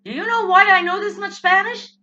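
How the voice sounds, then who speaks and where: A woman with a New Jersey accent rants in a high, bright, sharp voice. Her delivery is brash and blunt, and she swears freely through the comic monologue. The sound is a little dull and lo-fi. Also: a little fast. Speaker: political commentator.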